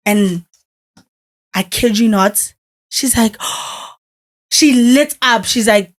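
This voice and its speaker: Young woman, high voice, animated storyteller, casual podcast chat. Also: extremely slow, pauses often. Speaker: podcast co-host.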